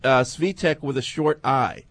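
A man's voice: mid-range voice, measured pace, a bit bright, no room sound. A man hosting a sports talk radio show, reading listener messages and teasing his co-host in a dry way.

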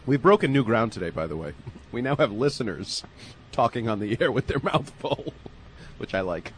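A man's voice: medium pitch, big pitch swings, normal speed, slight background noise. A man co-hosting a radio show in casual sports banter, argumentative and teasing. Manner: argumentative, teasing, laughs often. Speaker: radio co-host.

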